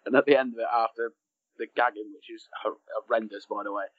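A man's voice: medium pitch, fairly even intonation, fast talker, dry recording. Laughing man, dry muffled sound. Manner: laughs while retelling scenes. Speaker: podcast co-host. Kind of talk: casual film chat.

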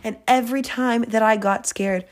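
A woman's voice: a little high, steady tone, moderate pace. Earnest chatty young woman on faith. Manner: earnest, chatty, with many fillers and restarts. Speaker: faith podcast host. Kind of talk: casual devotional talk.

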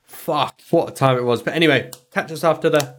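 Rambling jokey podcast co-host. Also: male voice, on the high side, slight background noise. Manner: rambling and jokey, swears freely, bursts of fast talk. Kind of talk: casual podcast banter.

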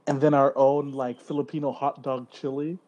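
A man co-hosting a casual podcast chat, telling animated stories full of slang and swearing. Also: mid-range voice, normal speed, highs cut off, a little hiss or hum. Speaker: podcast co-host.

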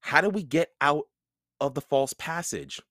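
A man's voice: fairly high pitch, sing-song, a little slow, sharp tone, no echo, clean studio sound, voice pushed up, full character voice. A man voicing a nervous, thoughtful young boy in a read-aloud storybook, in a raised boyish voice. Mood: eager.

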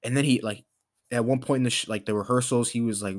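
A podcast host with a medium-pitched, fairly even voice talks fast in a casual motivational monologue. He rambles, using lots of fillers and restarting his sentences.

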